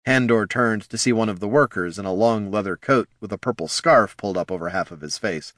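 A man narrating a fantasy audiobook in an even, measured way. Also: lowish voice, no room sound, clean studio sound.

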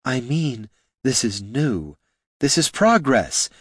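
A man voicing an impassive, stern male wizard teacher who gives slow, curt commands. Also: mid-range voice, very animated, a bit bright, husky, dry recording, studio quality, pitched above the performer's own voice, heavily acted.

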